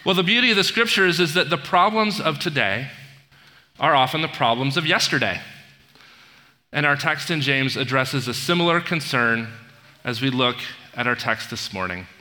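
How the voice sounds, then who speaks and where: A long hall reverb surrounds a pastor's mid-range voice as he preaches conversationally. At a moderate pace, with lively intonation and a sharp tone, he retells film scenes, mixing in asides and questions to the congregation.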